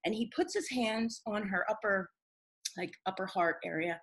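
A woman's voice: medium pitch, moderate pace, breathy edge, rough recording. A woman who is a guest in a conversation, telling a personal story in an earnest, rambling way with many restarts.

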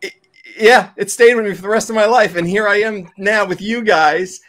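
A man's voice: high-pitched, moderate pace, fairly bright tone. A man in his thirties from New York, telling a story in casual chat, rambling with many fillers and self-corrections.

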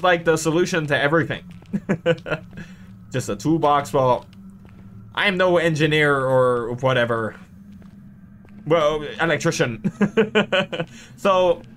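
Excitable young man playing horror games. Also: fairly high pitch, slight background noise. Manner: excitable, swearing, jokey, shrieks when startled. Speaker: gaming YouTuber. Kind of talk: horror game commentary.

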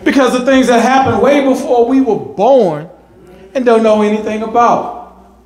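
High-voiced man preaching in an echoey church. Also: normal speed. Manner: animated preaching with repetitions and rising emphasis. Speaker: pastor. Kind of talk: sermon. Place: church sanctuary.

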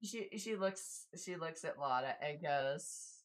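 A man narrating a tabletop game as game master in a casual, relaxed way, with many fillers. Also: fairly high pitch, slow pace, hardly any pauses.

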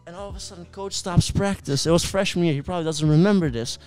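A young Dutch man, a college soccer player, chatting casually on a podcast and telling stories with laughs and low asides. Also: fast talker, a little mellow, soft background music. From Netherlands. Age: young adult.

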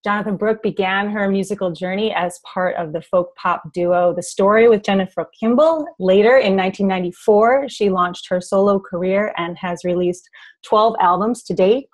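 A woman hosting a songwriting podcast, reading a guest introduction in a measured way before the interview. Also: mid-range voice. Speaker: podcast host.

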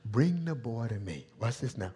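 A male pastor preaching a sermon in a vernacular style, swinging from hushed, intimate passages to loud shouting. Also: mid-range voice, lively intonation, normal speed, a crowd in the background.

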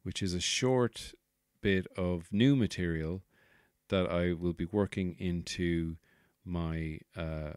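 A man's voice: deep voice, fairly even intonation, slow, a little mellow, clean tone, dry recording, clean studio sound. An Irish man in his thirties, a comedian hosting his podcast, rambling casually with exasperated, sweary asides.

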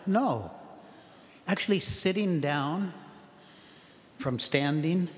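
A man giving a parish mission talk as an abbot, preaching in a lively way and acting out the prayers and the people in the pews. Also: on the high side, measured pace, pauses often, in a large hall. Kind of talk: sermon. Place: church.

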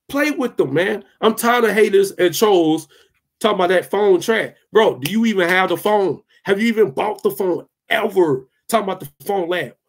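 A young tech channel host with a fairly high voice vents at his viewers in a loose, heated rant. Fired up, he repeats the same lines over and over and swears freely, pausing now and then to answer his live chat.

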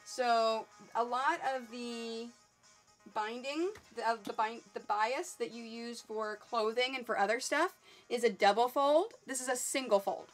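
A young adult woman hosting a casual live quilting tutorial, chatty and quick, thinking aloud as she works. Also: on the high side, faint music behind. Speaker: quilting livestream host.

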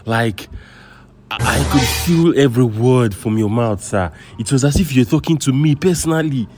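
An actor with a Nigerian accent playing a sly, excitable young churchgoer in a comedy skit, crying out and pleading in a rush. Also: male voice, medium pitch, background noise, natural voice. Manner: excitable, loud exclamations, rapid pleading. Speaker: comic actor. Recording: music playing behind.

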